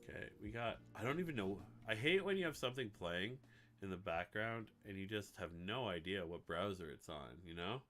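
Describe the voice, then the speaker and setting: Male streamer, lowish voice, rambling casual chat, music playing behind. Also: animated, a little fast, a bit bright. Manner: rambling, chatty, swearing. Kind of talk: casual live-stream chat while building a website.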